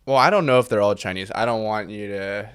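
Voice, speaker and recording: A man co-hosting a podcast in casual chat, measured and reasoned. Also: on the low side, a bit bright, clear, resonant tone. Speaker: podcast co-host.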